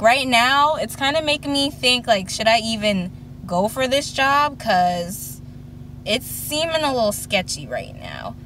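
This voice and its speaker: This is a casual car vlog from a woman in her 20s, who narrates a lengthy story and voices the people in it. Her mid-range voice has a fairly bright tone, with slight background noise.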